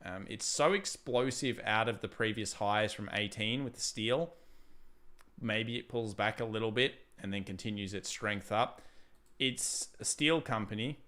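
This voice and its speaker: A young man with a fairly low, clean voice hosts a live stream about trading charts. He chats casually and animatedly, reading viewers' super chats aloud.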